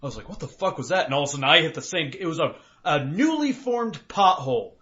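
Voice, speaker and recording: A man's voice: fairly high pitch, sing-song, fast talker, pushed and bright. A young man from Colorado co-hosting a podcast, chatting casually with lots of swearing and acting out his car and other drivers. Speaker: podcast co-host. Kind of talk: casual chat. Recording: dull lo-fi podcast audio.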